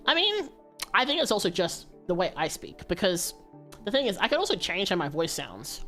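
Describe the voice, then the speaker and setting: A woman with a low voice rambling casually to her viewers during a livestream, with fillers and laughs. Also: big pitch swings, normal speed, a bit bright, faint music behind. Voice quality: low-pitched voice.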